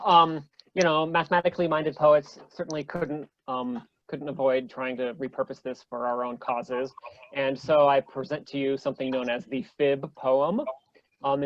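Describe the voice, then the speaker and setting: A man's voice: mid-range voice, steady tone, moderate pace, highs cut off. A man giving an online lecture to a group, eager and full of ums and restarts as he explains. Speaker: presenter.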